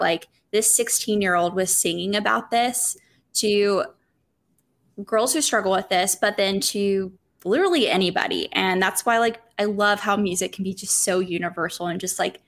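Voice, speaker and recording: A woman's voice: mid-range voice, moderate pace, gravelly, a bit bright. A woman from South Carolina, a podcast guest chatting casually with many "like" fillers.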